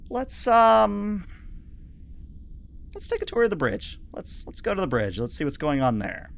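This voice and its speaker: A man's voice: high-pitched, very animated, measured pace, creaky, pitched above the performer's own voice, full character voice. Man playing a weary, dry fleet admiral woman. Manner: dry, sighing.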